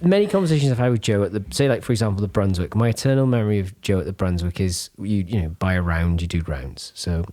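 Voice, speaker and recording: A man's voice: low voice, animated, quick pace, few pauses, mellow, dry recording, studio quality. A man hosting a podcast, telling long rambling anecdotes full of asides. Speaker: podcast host. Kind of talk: casual anecdotal chat.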